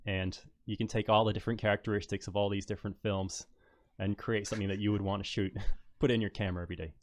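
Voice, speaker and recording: A man's voice: on the low side, level tone, quick pace, slight background noise, lightly acted. An Australian man carefully putting on an American accent for a bit. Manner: careful, self-conscious impression.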